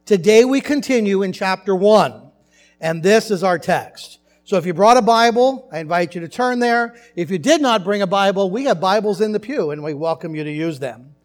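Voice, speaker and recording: A male pastor preaching a sermon in his church, telling stories in a conversational way with animated asides. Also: sits high, normal speed, soft background music. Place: church sanctuary.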